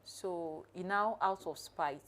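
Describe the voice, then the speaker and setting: Woman on a podcast with a lowish voice, calm measured storytelling. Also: a little hiss or hum. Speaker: podcast co-host. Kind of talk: conversational podcast talk, storytelling.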